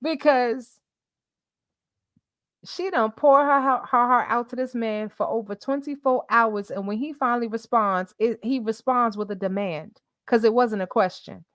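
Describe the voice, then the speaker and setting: A woman hosting a livestream commentary show, talking in an animated, emphatic way with lots of repetition. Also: a little high, moderate pace, hardly any pauses, no room sound, studio quality.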